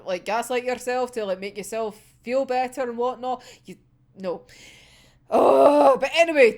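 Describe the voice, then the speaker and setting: A young woman chatting casually as a manga reaction vlogger, sweary and dramatic, laughing often and rambling with fillers. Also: high-pitched. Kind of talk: casual chat.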